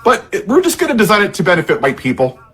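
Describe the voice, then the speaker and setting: A man's voice: high voice, wildly swooping pitch, fast, fairly bright tone, husky. A man in an impassioned political rant, angry and heavily sarcastic, sounding worked up and frustrated. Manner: angry and sarcastic, heavy irony.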